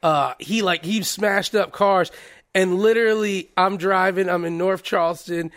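A man's voice: high-pitched, fairly even intonation, a little slow, a bit bright. A man co-hosting a casual talk show, telling crude, laughing stories about his youth. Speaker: podcast co-host. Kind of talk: casual storytelling chat.

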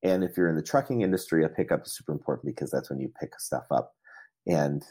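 A middle-aged man with a very low, husky voice tells stories in a relaxed, meandering way. He pokes fun at himself and chuckles as he goes. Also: fast. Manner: rambling, self-deprecating, laughs often. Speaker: interview guest, entrepreneur. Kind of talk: casual storytelling interview.

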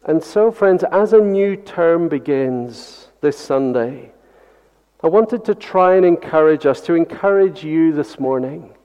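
A man delivers a sermon in an earnest, searching way, repeating key phrases and asking the congregation rhetorical questions. His voice sits a little high for a man. The sound is dull and lo-fi, with a long hall reverb around him. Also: clean tone. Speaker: pastor. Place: church.

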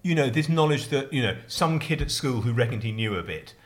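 A man's voice: mid-range voice, lively intonation, a little fast. A man, co-hosting a casual chat and telling rambling comic stories. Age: 50s. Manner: rambling, comic, acts out quoted voices. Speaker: podcast co-host.

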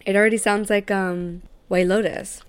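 A woman in her twenties co-hosting a podcast, chatting excitably and swearing casually. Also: medium pitch, moderate pace, clear, resonant tone. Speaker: podcast co-host. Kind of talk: casual chat.

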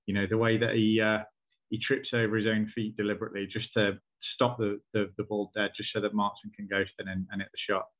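A man co-hosting a casual football podcast, giving dry, analytical takes. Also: fairly low pitch. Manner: flat, dry, fast-talking analysis. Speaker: podcast co-host. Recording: tinny phone-like line.

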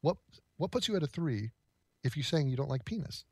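A man's voice: on the high side, very animated, a little fast, darkish tone. A man reacting to videos with sarcastic, incredulous quips in casual commentary.

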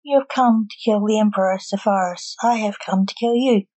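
A woman reads a stern male agent who lectures his daughter. She stays close to her own mellow voice. The sound is dry and close. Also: medium pitch, moderate pace, no room sound, close to an everyday voice.

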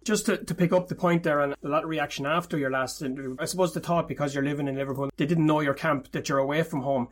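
A man's voice: a little high, steady tone, fast, few pauses. A man interviewing a guest, asking long, winding questions.

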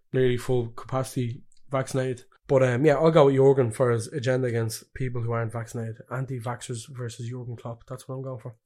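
Jokey podcast co-host. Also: male voice, medium pitch, darkish tone. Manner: jokey, laughs often. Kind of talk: casual football chat.

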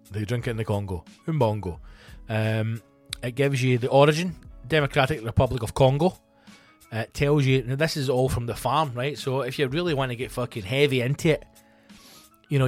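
A Scottish comedian hosting his own podcast, talking alone in a loose, rambling, sweary, conversational way. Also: mid-range voice. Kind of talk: casual solo podcast chat.

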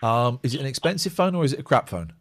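A middle-aged man hosting a call-in live stream, chatting casually and teasing callers with deadpan jokes. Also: fast. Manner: teasing, deadpan jokes, lively swings in pitch. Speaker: live stream host taking phone calls. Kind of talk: casual joking chat with callers.

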